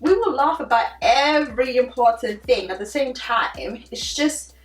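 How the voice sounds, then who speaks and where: A young woman chatting casually in a vlog, animated and full of "like" fillers. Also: a little high, measured pace. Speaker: beauty vlogger. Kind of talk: casual chit-chat vlog. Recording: roomy sound, a little distant from the mic, faint music behind.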